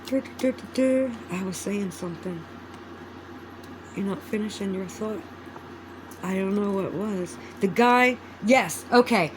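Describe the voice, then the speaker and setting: A woman's voice: mid-range voice, darkish tone, a little hiss or hum, low-quality recording. A woman vlogging in a casual, rambling chat. She swears freely and loses her train of thought.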